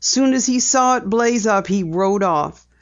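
A woman's voice: medium pitch, lively intonation, a little slow, highs cut off, voice pushed up, lightly acted. A woman reader voicing an anxious, guarded farm wife who pleads and bristles, raised a little above her narrating voice. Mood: angry. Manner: pleading, tense.

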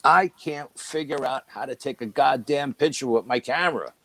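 A man's voice: medium pitch, normal speed, low-quality recording. A man, a guest on the show, telling a story casually and acting out the dialogue with "I go" and "she goes". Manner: animated retelling that quotes dialogue with "I go" and "she goes". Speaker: guest recounting a paranormal investigation.

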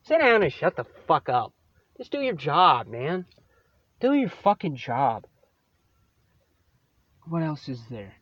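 A man's voice: fairly high pitch, very animated, takes it slowly, pauses often, a bit bright, no echo, lo-fi sound. A man hosting his own podcast, venting about a coworker in a profane, sarcastic solo rant. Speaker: podcast host.

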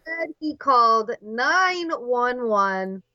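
A woman with a bright, slightly high voice co-hosts a casual podcast, telling stories with giggles and lots of fillers. The recording is dry and close but a little dull and lo-fi. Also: expressive, slow, dry recording. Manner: giggly storyteller, chatty with filler words. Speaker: podcast co-host. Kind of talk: casual chat.

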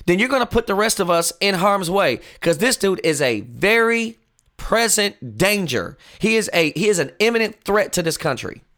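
Male talk host, high-pitched, mocking and animated political commentary. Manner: animated, mocking, swings from loud outbursts to low earnest tones.

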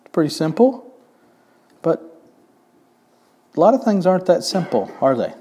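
A man's voice: fairly high pitch, big pitch swings, moderate pace, warm tone, husky. A man delivering a sermon in an easygoing, conversational way. He keeps a wry edge and often turns to the congregation with questions. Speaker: pastor.

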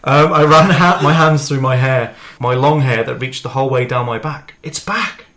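A man's voice: medium pitch, steady tone, moderate pace, fairly bright tone. A man reading a story aloud in mock-dramatic tones, breaking off into jokes and laughter, over faint background noise. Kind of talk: comedic reading of a fan story with asides.

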